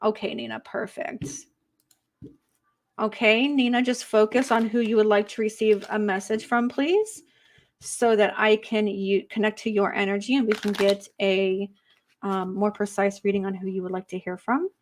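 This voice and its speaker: A woman leads a live spirit reading as a psychic medium. Her voice is gentle and emotive, at an ordinary pitch for a woman. She often stops for soft fillers as she passes on messages. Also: steady tone, normal speed, slight background noise.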